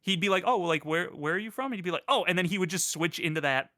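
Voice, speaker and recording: A man with a bright, forceful voice co-hosting a casual livestream, recorded dry and close. He rambles through a story with plenty of fillers and gets animated when he quotes people. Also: high-pitched, very fast, no echo. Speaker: co-host.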